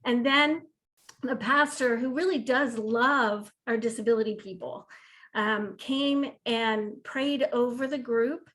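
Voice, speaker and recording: A woman talking over a video call about her church's disability ministry. She tells it in a warm, rambling, enthusiastic flow, her voice pitched a touch high. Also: slow, low-quality recording. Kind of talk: video call roundtable sharing.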